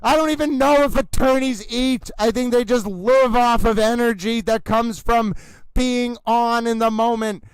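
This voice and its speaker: A man with a very high voice speaks at a measured pace in a steady, clean tone, though the recording is low quality. Hosting a comedic livestream as a trial commentator, he talks like an overwrought horse-race announcer, full of theatrical exclamations.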